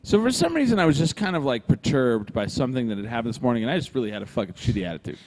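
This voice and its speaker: A man's voice: medium pitch, very fast, a little hiss or hum. A man telling a long, profane story in casual chat, acting out the other people's lines. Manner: profane, animated, acts out dialogue. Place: brewery.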